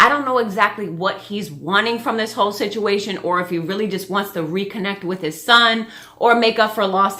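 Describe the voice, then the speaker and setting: A young woman talks through the week's reality-show drama in a loose, gushing vlog chat, leaning on fillers as she goes. Her voice is bright and forward, with a lightly tense edge. She sits at an even, middling pitch. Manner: chatty, gushing, lots of "like" and "you know". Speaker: show recap vlogger. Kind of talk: casual reality-show commentary.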